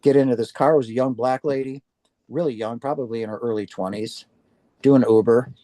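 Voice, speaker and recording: A man's voice: mid-range voice, steady tone, a little fast, dark tone, dry recording. An older man from Wisconsin, telling his personal story as an interview guest in an earnest, heartfelt way. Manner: earnest, heartfelt, acts out quoted speech.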